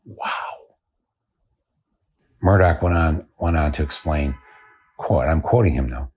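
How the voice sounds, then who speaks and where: An older American man hosting a podcast, delivering a deadpan satirical monologue and chuckling at his own jokes. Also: very deep voice, takes it slowly, dull audio, slight background noise. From United States. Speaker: podcast host.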